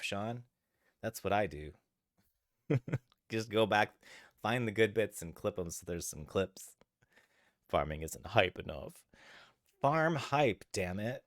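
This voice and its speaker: A man with a low-pitched voice streams board games in clean studio sound with no echo, greeting viewers and chatting casually. He thinks aloud about his moves and sounds a little out of breath at times.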